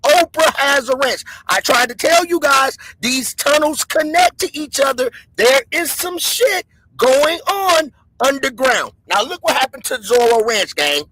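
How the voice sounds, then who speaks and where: A male host with a very high, bright voice tells stories in an excitable rush. His pitch leaps around as he talks. The sound is close and dry. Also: measured pace, dry recording, low-quality recording. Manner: excitable, calls the audience "y'all" and "gang". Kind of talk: animated storytelling to viewers.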